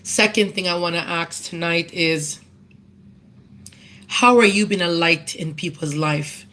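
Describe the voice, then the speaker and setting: A woman's voice: lowish voice, a little slow, a bit bright, low-quality recording. A woman giving a personal tribute at a memorial service, telling stories in a chatty way and then making earnest appeals to the audience. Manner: conversational storytelling, earnest appeals.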